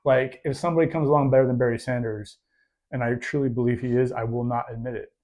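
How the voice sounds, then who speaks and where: A man's voice: mid-range voice, fairly even intonation, fast, a little mellow. A man co-hosting a podcast in casual chat, rambling and self-deprecating with lots of fillers. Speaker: podcast co-host.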